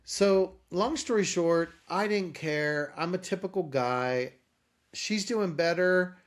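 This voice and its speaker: A man's voice: high voice, slow. A man, a podcast guest, telling a long personal story and acting out the conversations in it. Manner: animated storyteller acting out dialogue.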